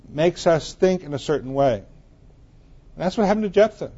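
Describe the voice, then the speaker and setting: A man delivers a sermon in an easy, conversational way, weaving personal stories in among the scripture. His voice sits a little higher than most men's. The recording sounds dull and lo-fi. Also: expressive, normal speed, pauses often, mellow. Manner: conversational preaching with anecdotes. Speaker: preacher.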